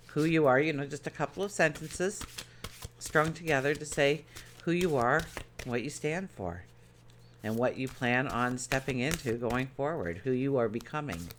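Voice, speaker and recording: A man's voice: on the high side, animated, moderate pace, a little hiss or hum. A man giving a daily tarot reading to his viewers, talking in an earnest, rambling way with many fillers and restarts. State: choked up. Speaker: tarot reader.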